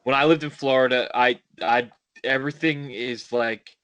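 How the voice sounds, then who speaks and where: A man's voice: mid-range voice, fairly even intonation, normal speed, fairly bright tone, dull audio. A man chatting casually on a podcast, with a dry, sarcastic sense of humor. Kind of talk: casual chat.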